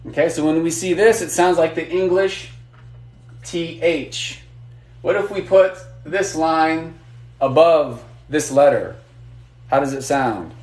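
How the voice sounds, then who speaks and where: Guy teaching a live class online, slightly high voice, keeps praising the chat, echoey room. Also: slow pace, darkish tone. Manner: patient, encouraging, asks questions and praises. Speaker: Arabic teacher.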